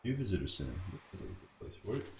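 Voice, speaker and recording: A man's voice: low-pitched, big pitch swings, very fast, gravelly, background noise. A man commenting casually on a computer game as he plays, thinking aloud, reading game text and cussing when annoyed. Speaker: gaming channel host. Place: home room at a computer. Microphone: boom mic. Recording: echoey room with game music.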